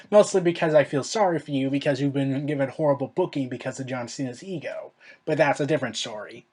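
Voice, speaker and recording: Opinionated vlogger, exasperated, rambles and self-corrects, mid-pitched voice. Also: fast, darkish tone, breathy edge. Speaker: wrestling commentary vlogger. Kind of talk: casual opinionated commentary.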